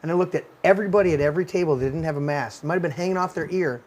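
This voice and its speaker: A man's voice: on the high side, rapid-fire, darkish tone. A man hosting a talk show, telling stories in a heated, profane rant. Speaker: podcast host. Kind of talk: casual ranting talk show.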